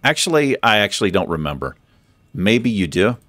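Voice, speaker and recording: A man's voice: lowish voice, sing-song, normal speed, fairly bright tone, dry recording. A man hosting a let's play, chatting casually and thinking aloud with a self-deprecating streak as he plays. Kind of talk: casual gameplay commentary.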